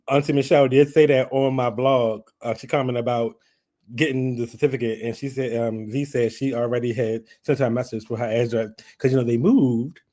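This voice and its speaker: A man, chatting and laughing as he hosts a live stream. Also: mid-range voice. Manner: chatty, laughing, lively retelling. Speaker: livestream host. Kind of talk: casual live chat.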